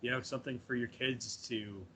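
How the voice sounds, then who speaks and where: A laid-back man chatting on a podcast over a video call. His voice is bright and forward, and his talk leans on "uh" and "like" as he goes. A faint hiss sits under his audio. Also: medium pitch, fairly even intonation, a little fast, rough recording. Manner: laid-back, filler-heavy. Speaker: podcast panelist. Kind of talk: casual chat.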